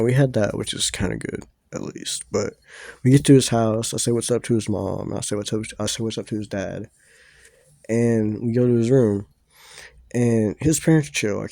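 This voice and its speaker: Gravelly young man telling a rambling story. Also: on the low side, mellow, no echo. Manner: rambling, filler-heavy, swears casually. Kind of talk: casual storytelling vlog.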